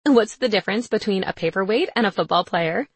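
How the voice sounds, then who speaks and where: A woman's voice: medium pitch, a little fast, husky, dry recording, close to an everyday voice. Woman doing a snide gossipy sorority girl. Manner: mocking, snickering.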